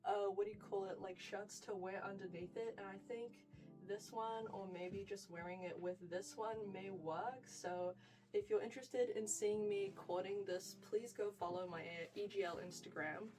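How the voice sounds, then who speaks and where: A woman's voice: medium pitch, steady tone, moderate pace, distant mic, over music, low-quality recording. A young woman with a New Zealand accent giving a chatty, gushing wardrobe tour, full of "like" and "freaking". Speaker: fashion vlogger.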